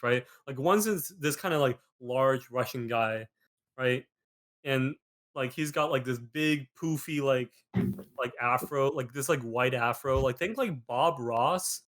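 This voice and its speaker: A young man hosting a podcast, telling a story in a rambling casual way, filling every pause with "like". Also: medium pitch. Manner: rambling, peppered with "like", animated retelling. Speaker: podcast host.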